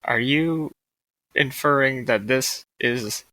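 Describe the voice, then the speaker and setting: Male player, bright and tense, hesitant, dry close sound. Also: mid-range voice, slow pace, no echo, rough recording. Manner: hesitant, flustered questioning. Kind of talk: in-character tabletop play.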